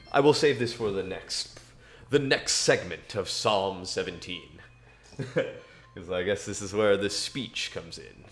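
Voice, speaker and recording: Slow, self-amused male gamer. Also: sits low, faint music behind. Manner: self-amused, laughs often, talks to himself. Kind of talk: casual gaming commentary mixed with scripture reading.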